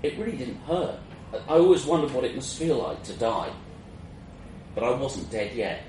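A man's voice: mid-range voice, big pitch swings, normal speed, darkish tone. A man narrating a first-person fantasy story in a wry, self-mocking way, in a roomy, distant, noisy recording.

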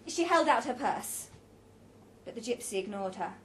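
A woman's voice: a little high, lively intonation, moderate pace, fairly bright tone, slight background noise. A woman reading a story aloud with a dramatic, varied delivery.

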